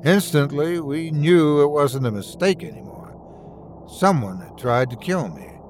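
A man's voice: a little high, expressive, a little slow, darkish tone, slight background noise. A man narrating a first-person horror story with suspenseful, dramatic storytelling.

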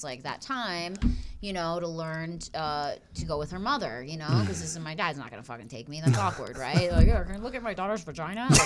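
A young woman hosting a podcast in casual chat, candid and crude, and quick to laugh. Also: sits low, a bit bright, slight background noise. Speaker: podcast host.

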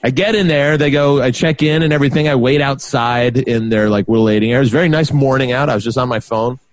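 A man, co-hosting a podcast and telling a long story in a lively way, acting out what everyone said. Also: medium pitch, fast talker, no room sound. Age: 40s. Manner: animated storyteller, acts out quotes. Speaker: podcast co-host. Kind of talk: casual storytelling chat.

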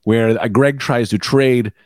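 A man's voice: mid-range voice, fairly even intonation, measured pace, no echo, studio quality. A man co-hosting a casual chat over a remote call, telling rambling stories and swearing freely. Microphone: remote call mic.

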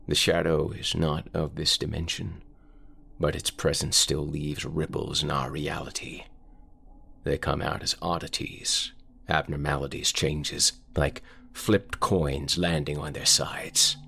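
A man's voice: a bass voice, flat delivery, unhurried, vocal fry, bright, forceful tone, husky, full character voice. Man voicing a grave soul-taking reaper. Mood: solemn.

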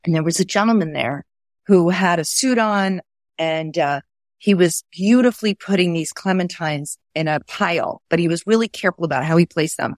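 A woman's voice: on the low side, moderate pace, no echo, clean studio sound. A woman, a guest author telling stories earnestly and acting out what people said. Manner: earnest, acts out quoted dialogue. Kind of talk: conversational storytelling.

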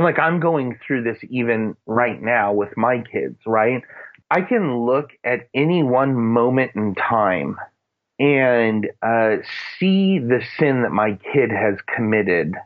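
A Christian parenting guest, a man with a medium-pitched, expressive voice, speaks slowly in casual chat. He offers earnest, rambling faith-based parenting advice with plenty of fillers, and the recording sounds narrow and phone-like, like radio.

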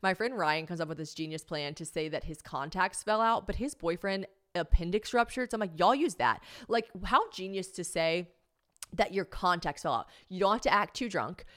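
A woman hosting a podcast, telling a comic story in a casual, animated way, swearing freely, mocking herself and acting out what people said. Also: on the low side, normal speed. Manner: animated, swearing, self-mocking, acts out quotes. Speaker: podcast host.

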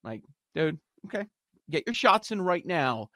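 A man's voice: on the high side, unhurried, no echo, studio quality. Chatty sports podcast host man. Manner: chatty, animated storytelling. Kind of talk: sports betting talk show.

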